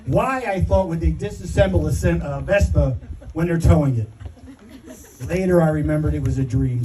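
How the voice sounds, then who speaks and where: A man's voice: fairly high pitch, moderate pace, mellow, recorded from a distance, a little hiss or hum, poor audio. A middle-aged man giving a father-of-the-bride wedding speech, telling a story with self-deprecating humor and fighting back tears. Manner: self-deprecating, emotional, laughing through his story. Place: wedding reception hall.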